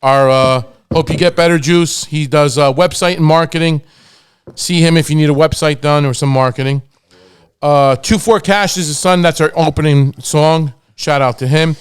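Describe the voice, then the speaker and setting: A man hosting a podcast, giving easygoing sponsor shout-outs in casual chat. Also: fairly high pitch, steady tone, moderate pace, clear, resonant tone. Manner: easygoing, reads sponsor plugs. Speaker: podcast host.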